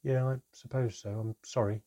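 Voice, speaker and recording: A man's voice: mid-range voice, fairly even intonation, normal speed, mellow, natural voice. A man voicing a timid, curious young goblin child who asks nervous, breathless questions.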